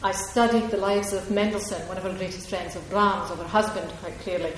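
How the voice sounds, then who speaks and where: In an echoey hall with a little faint noise, a woman from Ayrshire, Scotland, fields audience questions as an author at a reading. She's brisk and mid-range with a steady tone, yet her answers wander chattily and she laughs often.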